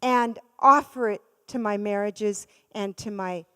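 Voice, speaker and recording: A middle-aged woman preaching a church sermon, telling a story dramatically, swinging from loud bursts to hushed tones. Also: medium pitch, a little slow, smooth. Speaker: guest speaker. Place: church hall. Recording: long reverb of a large hall.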